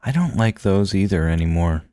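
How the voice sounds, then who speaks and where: A man co-hosting a casual chat about a film, animated and laughing often. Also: sits low, moderate pace, no echo, clean studio sound. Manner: animated, laughs often, acts out quoted lines. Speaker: film podcast co-host.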